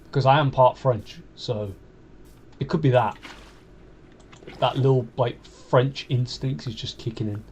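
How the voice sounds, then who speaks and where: Young west midlands guy rambling on, keeps restarting his sentences, mid pitch, bit of keyboard clacking in the back. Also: a little slow, long pauses, darkish tone, a little hiss or hum. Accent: West Midlands English. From Wolverhampton, England. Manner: rambling and hesitant, with frequent restarts. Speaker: YouTuber. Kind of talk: casual confessional monologue.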